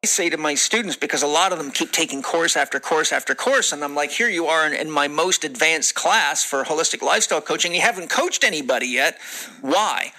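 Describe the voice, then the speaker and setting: A man's voice: on the high side, animated, brisk, pushed and bright, low-quality recording. A man speaking as a holistic lifestyle coach in a podcast conversation, earnest and lecturing, acting out exchanges with his students. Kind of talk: podcast conversation, played as a clip.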